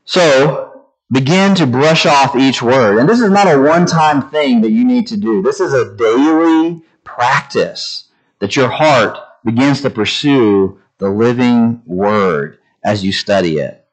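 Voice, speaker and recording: A man preaching a sermon, slowing down to stress each word and shifting his delivery as he teaches. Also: medium pitch, animated, poor audio. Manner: slow deliberate emphasis on each word, varied delivery. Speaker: pastor.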